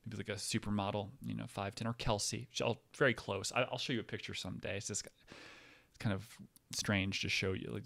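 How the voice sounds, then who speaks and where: A man's voice: on the low side, little pitch movement, a little fast, creaky, fairly bright tone. A man ranting casually to his viewers from a chair, swearing often, rambling and cutting himself off. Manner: profane, rambling, self-interrupting. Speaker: vlogger. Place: seated indoors in a chair.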